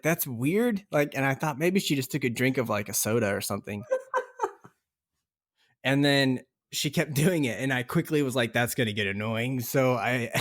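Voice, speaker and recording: A man's voice: mid-range voice, normal speed. A man co-hosting a casual podcast, telling a story and laughing through his words. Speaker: podcast co-host.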